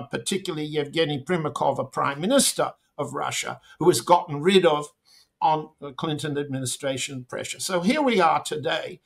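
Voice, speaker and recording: A man giving slow, deliberate political commentary as an interview guest, with pointed emphasis. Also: a little high, creaky.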